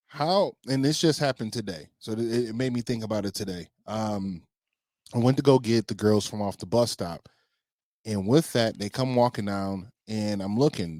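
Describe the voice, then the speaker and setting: A man's voice: fairly low pitch, normal speed, a little mellow, no room sound, clean studio sound. A man co-hosting a podcast in easygoing casual chat, telling stories and asking his co-host questions.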